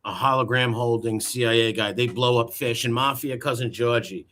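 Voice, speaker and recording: A man riffs in mocking, profane reaction commentary. His voice is bright and tense, and he sounds openly incredulous. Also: medium pitch, steady tone, normal speed. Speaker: commentary host.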